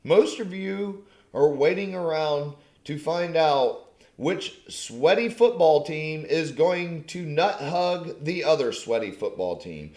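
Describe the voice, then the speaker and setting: Combative and profane, this man berates his viewers in an angry rant to camera, mocking them and cursing nonstop as the channel's host. His voice is high and a little mellow, and the room echoes noticeably.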